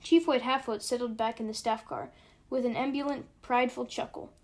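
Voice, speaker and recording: A woman narrating an audiobook with steady, even storytelling. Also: a little high, brisk.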